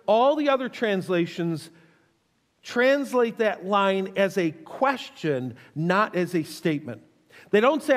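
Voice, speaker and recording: A pastor preaching to his congregation in a conversational, teasing way, stretching out words for emphasis. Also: sits high. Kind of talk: sermon with audience questions. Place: church sanctuary. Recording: long reverb of a church hall.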